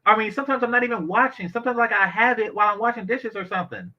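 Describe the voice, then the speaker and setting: A man's voice: high voice, very fast. A man hosting a casual commentary stream, blunt and opinionated and swearing freely as he reacts to an interview. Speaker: commentary channel host. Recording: dull lo-fi audio.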